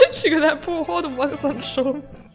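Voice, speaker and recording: A young woman casually commenting while playing a game, giggly, excitable and rambling. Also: high voice, slow, faint music behind. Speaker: game streamer. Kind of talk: casual let's-play commentary.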